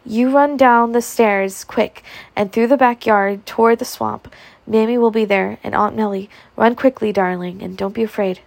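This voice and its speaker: A fierce young mother in a storybook reading snaps urgent orders in a raised, gravelly voice, as a woman acts her out. She sounds frightened but commanding. The recording is close and dry. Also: on the high side, flat delivery, normal speed, no echo, low-quality recording.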